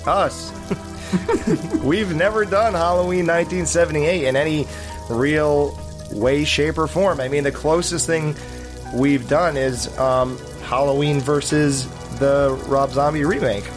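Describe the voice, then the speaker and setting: A man's voice: a little high, steady tone, measured pace, music in the background. A man hosting a podcast in casual chat, rambling with many fillers and restarts. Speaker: podcast host.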